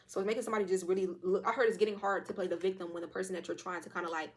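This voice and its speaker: Young adult woman, quick casual tarot reader, a touch hoarse, swears freely. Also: mid-range voice. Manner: fast, loose and profane, with lively quoted asides. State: slightly hoarse throat.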